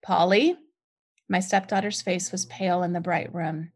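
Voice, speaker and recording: A woman's voice: lowish voice, moderate pace. A woman author reading her own novel in the first person, lifting her voice sharply for the lines of dialogue. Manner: expressive, lifts voice sharply for dialogue.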